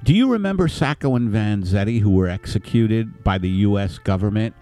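A man's voice: lowish voice, expressive, fairly quick, dark tone, faint music behind. A man in casual comedic chat, rambling and riffing into silly bits.

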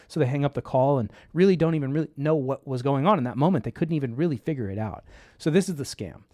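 A man's voice: mid-range voice, fast talker, no echo, studio quality. A man hosting a casual tech talk show, telling stories and acting out the voices in them. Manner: animated storyteller, acts out quoted voices.

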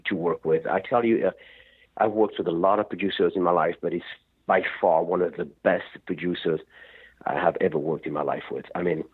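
A man's voice: low voice, husky. A man, a rock singer, talking in a rambling way and often laughing during a radio interview over the phone. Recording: tinny phone line.

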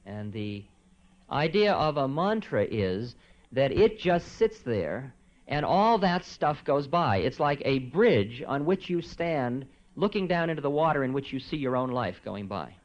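A man giving an informal spiritual lecture, conversational and soft-spoken, with many asides. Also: mid-range voice, unhurried. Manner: relaxed, conversational, soft-spoken with frequent asides and quiet chuckles. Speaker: spiritual teacher giving a talk. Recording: dull lo-fi tape recording.

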